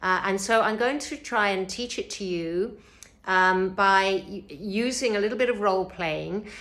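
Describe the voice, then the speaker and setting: Woman, yoga teacher, breathing lesson, gentle and unhurried, ordinary mid pitch. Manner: gentle, unhurried, with frequent fillers. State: slightly sore throat.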